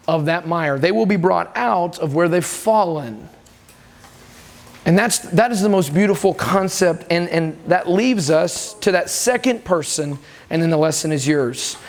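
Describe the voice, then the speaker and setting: A man preaching a sermon at a camp, telling stories with energy and acting out the voices of the people in them. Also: sits high. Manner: lively storytelling, acts out quoted voices.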